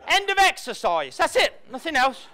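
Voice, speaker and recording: Lively high-voiced man giving a seminar. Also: normal speed, a faint crowd. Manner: animated, playful, acts out the people he quotes. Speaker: motivational speaker. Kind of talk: live seminar talk to an audience. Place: event room with an audience.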